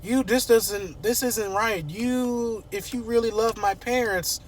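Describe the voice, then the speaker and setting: A man voicing a hurt, angry young woman speaking in raised, halting accusations. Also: high voice, slight background noise, voice pushed up. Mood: accusing.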